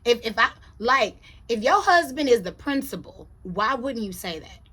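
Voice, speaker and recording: A young adult woman chatting casually on her vlog, telling a story with big swings from low, quiet asides to loud, high exclamations. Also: expressive, normal speed, husky. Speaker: vlogger. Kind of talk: casual chat.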